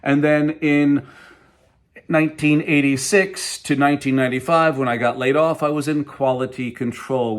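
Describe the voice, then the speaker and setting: A middle-aged man, a company CEO, speaking to viewers directly in a protest vlog, emphatic and indignant. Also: medium pitch.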